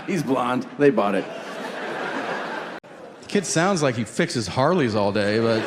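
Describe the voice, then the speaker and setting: A man in his forties doing a stand-up comedy set, telling stories in an exasperated, animated way with sudden yelps. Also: on the high side, noisy background. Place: large comedy venue stage. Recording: live hall reverb with crowd. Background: audience laughter.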